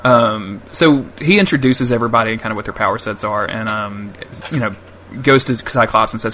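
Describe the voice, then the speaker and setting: A man's voice: fairly low pitch, brisk, pushed and bright, slight background noise. A man co-hosting a podcast, recapping a cartoon episode with frequent laughs and joking exasperation. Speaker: podcast co-host. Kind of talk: casual chat recapping a cartoon.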